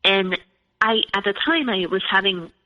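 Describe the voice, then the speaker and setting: A woman's voice: mid-range voice, expressive, moderate pace. A woman in her forties telling her own story as a podcast guest, chatty and full of "like" and "you know". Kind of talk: personal storytelling in conversation. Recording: lo-fi with long reverb.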